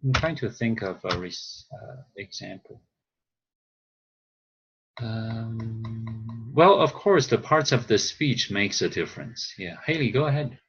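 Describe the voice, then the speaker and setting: A man whose first language is Chinese, teaching a class over a video call and explaining slowly with frequent pauses and fillers. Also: fairly low pitch, lively intonation, a bit bright, slightly rough, lo-fi sound. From China. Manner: slow, hesitant, thinking aloud with fillers. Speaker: instructor.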